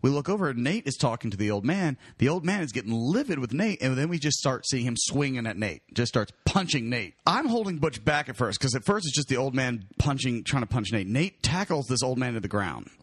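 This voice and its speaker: A man's voice: mid-range voice, very animated, brisk, few pauses, breathy edge, no echo, clean studio sound. A man co-hosting a podcast, telling a rowdy bar story in casual chat and laughing often. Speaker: podcast co-host.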